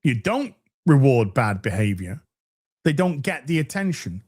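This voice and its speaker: A man hosting a casual live stream, reading super chats and answering with profane, animated banter. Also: mid-range voice, measured pace, husky. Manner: animated, profane, warm toward chat.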